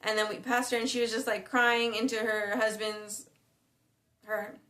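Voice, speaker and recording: A woman talks straight to the camera in a casual, meandering monologue, filled with slang, fillers and false starts. Her voice sits a little high and sounds bright and forceful. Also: flat delivery, moderate pace. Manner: slangy, rambling, frequent fillers and restarts. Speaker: spiritual vlogger.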